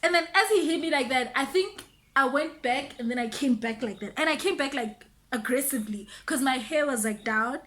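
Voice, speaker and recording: A young woman with a South African accent telling a story on her vlog, animated and quick to act out the other people's voices. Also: sits high. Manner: animated, switches between voices, mixes in local words. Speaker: vlogger. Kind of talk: casual storytime.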